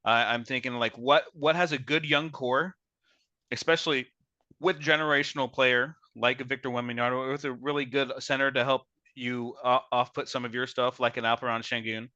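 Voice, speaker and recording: A man hosts a casual sports chat, talking in a measured, opinionated way with many restarts. His voice is bright, at a middle pitch. The sound is dry and a little dull. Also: fairly even intonation, no room sound. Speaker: podcast host.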